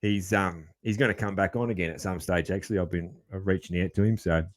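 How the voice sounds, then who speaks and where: A man's voice: sits low, steady tone, quick pace. A man hosting a casual podcast, easygoing and full of fillers like man and mate. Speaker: podcast host.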